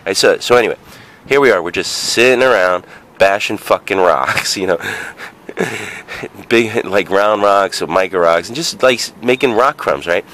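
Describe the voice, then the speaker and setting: A vlogger in his forties tells a childhood story in a casual monologue, rambling and profane, full of fillers and asides. His voice is fairly low in pitch with a fairly bright tone, at a moderate pace.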